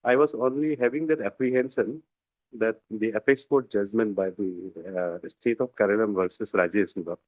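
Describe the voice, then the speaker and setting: A man's voice: fairly low pitch, fairly even intonation, moderate pace, no echo, poor audio. A man arguing as a defence lawyer over a video call, deferential and hesitant, addressing the judge as "my lord" again and again. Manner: deferential, repeats "my lord" often, hesitant with fillers. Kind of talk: courtroom argument.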